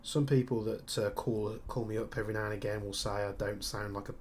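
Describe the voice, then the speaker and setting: Speaking fairly quickly in a fairly low, steady voice, a man with a Birmingham accent chats on a live stream while building and answering viewer questions. He's an airsoft tech streamer from Birmingham, England, casual and chatty and explaining as he works, with a little hiss or hum audible.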